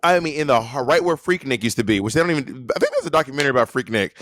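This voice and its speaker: Animated, lively man telling stories. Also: medium pitch. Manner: lively, quick to tell stories, lots of restarts. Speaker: podcast co-host. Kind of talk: casual chat, animated storytelling.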